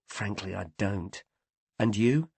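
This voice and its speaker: A man's voice: on the low side, slow pace, creaky, a little mellow, breathy edge, no echo, full character voice. A man reading an audiobook, voicing a polite young man who answers casually and guardedly.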